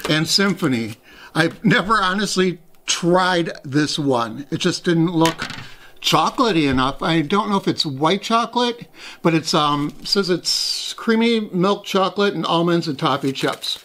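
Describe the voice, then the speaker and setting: A man's voice: on the high side, lively intonation, measured pace, a bit bright. A man hosting a casual taste-test vlog, talking in a chatty, rambling way and poking fun at himself. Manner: chatty, rambling, self-deprecating. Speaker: host.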